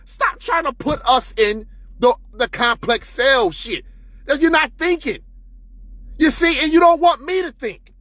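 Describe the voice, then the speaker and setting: A man's voice: very high voice, a little slow, a bit bright, no echo. A man in an unscripted monologue to camera, profane and preachy, often heated. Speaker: vlogger.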